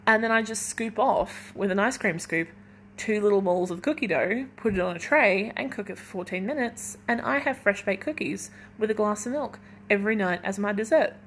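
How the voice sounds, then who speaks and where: A woman's voice: medium pitch, normal speed, a little hiss or hum. A young woman hosting a casual solo podcast from her kitchen at home, chatting in a rambling way full of "like". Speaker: podcast host.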